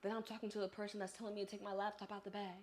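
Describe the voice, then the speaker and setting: A young woman in her twenties, a vlogger telling a chatty, animated story about her travel day straight to the viewer while on the move. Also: mid-range voice, racing, a little hiss or hum. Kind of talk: casual storytelling vlog. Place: on the move, traveling through an airport.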